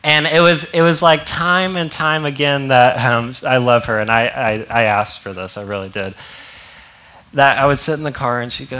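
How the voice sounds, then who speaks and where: A man's voice: medium pitch, fairly even intonation, moderate pace, sharp tone, a little hiss or hum. A young man preaching a sermon in a casual, conversational way, often laughing and acting out quotes. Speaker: pastor.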